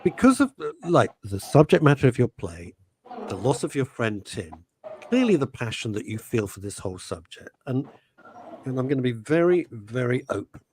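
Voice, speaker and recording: A man's voice: medium pitch, very animated, normal speed, a little mellow, a little hiss or hum. A man hosting a radio talk show, speaking passionately and emotionally, rambling with many restarts. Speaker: host.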